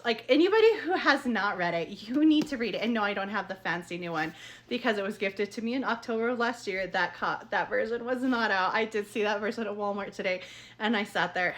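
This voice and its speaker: A woman's voice: a little high, a bit bright. A woman chatting casually as a book reviewer, rambling with many fillers and self-corrections. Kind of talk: casual chat.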